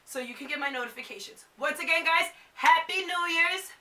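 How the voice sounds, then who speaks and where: A woman's voice: extremely high pitch, a little fast, few pauses, recorded from a distance, very noisy. A woman in her twenties chatting to camera as a vlogger, casual and full of "like". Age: 20s. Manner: chatty, fills with "like". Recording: echoey room, a bit off mic.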